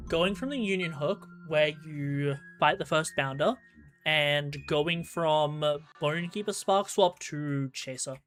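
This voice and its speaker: A man with an Australian accent giving rambling live commentary while he plays a game and talks to his chat. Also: on the high side. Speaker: gaming streamer.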